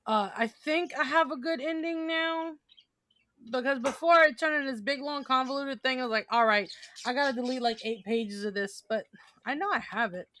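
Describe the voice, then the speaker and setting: A woman co-hosting a podcast, telling stories in a lively casual chat and laughing often. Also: high-pitched, normal speed, no echo, studio quality. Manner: animated storyteller, laughs often. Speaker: podcast co-host.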